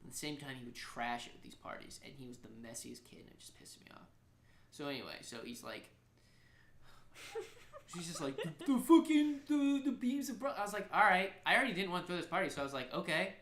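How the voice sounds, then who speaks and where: Excitable young man telling a wild story. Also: mid-range voice, fast talker, echoey room, a little hiss or hum. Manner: rambling, profane, excitable storyteller who acts out quotes. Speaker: podcast co-host. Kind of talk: casual storytelling chat.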